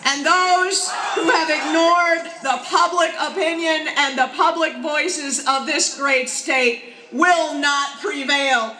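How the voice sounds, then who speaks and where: A woman's voice: high-pitched, very noisy. A woman from Wisconsin, a union leader giving an impassioned rally speech outdoors and leading chants. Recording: echoey outdoor PA with loud crowd.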